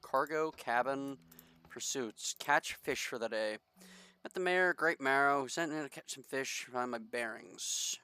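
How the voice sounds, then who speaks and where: Guy streaming a game, goofy sarcastic commentary, bright voice, very dry sound. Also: medium pitch, a little slow, clear, resonant tone, no echo. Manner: jokey, sarcastic, reads game text aloud. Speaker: gaming streamer. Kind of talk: casual gameplay commentary.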